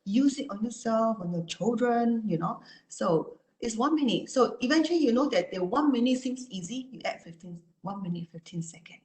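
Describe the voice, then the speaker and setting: A woman therapist giving an online talk and answering questions, speaking calmly and repetitively with many "you know" and "right?" asides. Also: a little high, normal speed, few pauses, echoey room.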